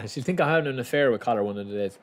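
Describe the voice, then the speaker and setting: A young man chatting casually and commentating live on his own football game, bursting into excited shouts at big moments. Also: mid-range voice, rapid-fire. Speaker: game streamer.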